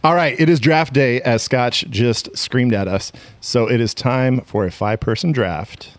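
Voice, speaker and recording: A man's voice: mid-range voice, measured pace, no room sound. A man hosting a casual podcast, joking with his co-hosts as he runs the show. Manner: jokey, runs the show with restarts. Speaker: podcast host.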